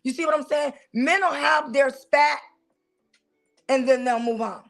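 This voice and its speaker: High-pitched sassy woman hosting a talk show, really animated. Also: a little slow, creaky, soft background music. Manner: sassy, animated, talks straight to the audience. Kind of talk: casual preaching-style commentary.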